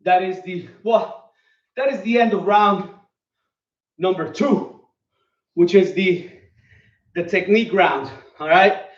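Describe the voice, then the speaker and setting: A man coaching a home workout, counting his reps aloud as he exercises, recorded from a distance in a room at home. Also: high-pitched. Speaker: fitness coach. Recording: echoey distant lo-fi home video.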